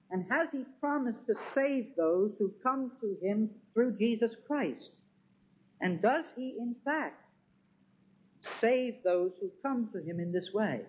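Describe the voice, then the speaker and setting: A preacher giving an emphatic sermon, full of rhetorical questions. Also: medium pitch. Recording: tinny, phone-like sound.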